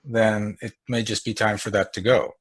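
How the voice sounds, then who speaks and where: A man with a low, husky voice who offers calm, reassuring advice in a relaxed chat. His voice sounds dry and close, with no room around it. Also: moderate pace, dry recording. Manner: calm, reassuring, advising, with restarts. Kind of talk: casual chat.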